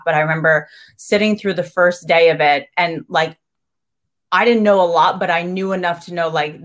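Animated woman coach, lower voice. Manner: animated, filler-heavy talk with frequent "like" and restarts. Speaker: NLP trainer and coach, podcast guest. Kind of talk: casual interview conversation.

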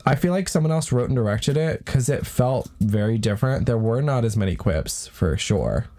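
Guy cohosting a podcast, jokey and sarcastic, soft mellow voice. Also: mid-range voice, expressive, moderate pace. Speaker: podcast co-host. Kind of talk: casual episode recap chat.

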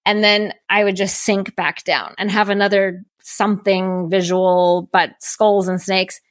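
A woman's voice: mid-range voice, level tone, measured pace, no echo, clean studio sound. A woman podcast host, recounting a personal experience in a reflective, storytelling way and voicing her own thoughts as quotes.

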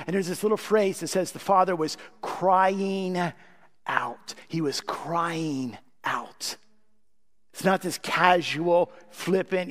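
A man's voice: sits high, measured pace. A man preaching a sermon as pastor, emphatic, often asking the congregation a rhetorical "what?". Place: church sanctuary. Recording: long reverb from a large church hall.

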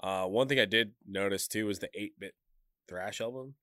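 A man with a fairly low but bright, forceful voice, asking questions in a hesitant way with many restarts. The sound is close and dry. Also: moderate pace, no room sound. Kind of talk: casual chat, asking questions.

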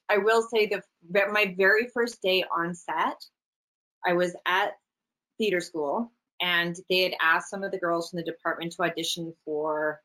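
A middle-aged actress from Canada, telling stories in a casual, animated interview. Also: female voice, lowish voice, poor audio. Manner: animated, chatty, quick asides. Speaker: actress, guest.

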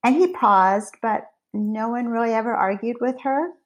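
A middle-aged woman, a company founder and guest, telling family stories in an animated, conversational way. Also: fairly high pitch, moderate pace. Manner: lively, animated storyteller with laughs. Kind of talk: conversational storytelling.

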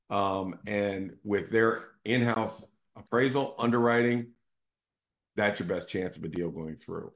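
A man hosting a casual real estate talk, walking through charts and checking in with "right?" as he explains. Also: lowish voice. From Northern Virginia area. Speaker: real estate team CEO and show host.

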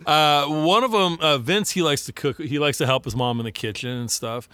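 A man telling lively, profane stories in casual chat, acting out quotes. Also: fairly high pitch, moderate pace, clear, resonant tone, dry recording. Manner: animated, profane storytelling with acted-out quotes.

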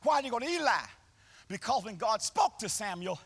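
High-pitched, animated preaching man. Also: brisk, husky. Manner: call-and-response, sing-song preaching with swells to shouting; folksy, colloquial phrasing. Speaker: pastor. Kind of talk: preaching a sermon. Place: church sanctuary, live service.

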